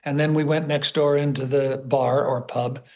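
A man from the United States, a guest sharing memories in an interview, enthusiastic and halting, often repeating words. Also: medium pitch, level tone, darkish tone. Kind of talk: conversational storytelling.

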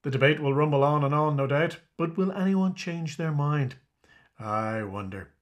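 Casting: male radio presenter, slightly high voice, wry scripted links. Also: normal speed. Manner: wry, playful.

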